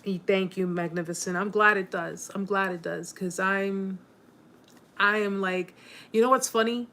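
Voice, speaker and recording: Against slight background noise, a woman hosts a relaxed live chat in a medium-pitched voice with fairly even intonation, speaking a little slowly. She's warm, encouraging, and openly emotional, rambling with many fillers and restarts.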